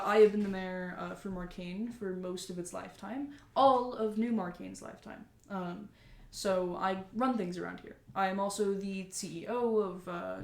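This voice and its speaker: A woman's voice: mid-range voice, fairly bright tone, slight background noise, natural voice. Woman playing a cheerful male mayor, chatty, rambling, roomy sound, faint ambience. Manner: chatty, upbeat, rambling with fillers.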